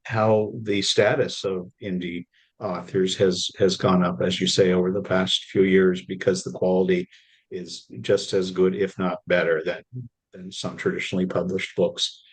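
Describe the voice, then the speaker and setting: A middle-aged man hosting a podcast interview, friendly and halting, often repeating words as he goes. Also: low voice, breathy edge, rough recording. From Canada. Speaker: podcast host.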